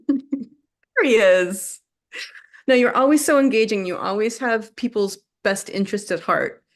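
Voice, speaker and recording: A woman's voice: fairly high pitch, a little slow, long pauses. A woman talking casually on a video call, effusive in her praise. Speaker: community member.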